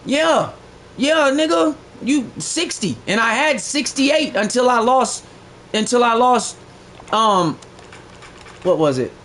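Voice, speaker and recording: A man livestreaming a game, chatting casually in a boastful, profane, slangy way that gets loud when excited. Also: extremely high pitch, slow, a little hiss or hum. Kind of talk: casual live-stream chat.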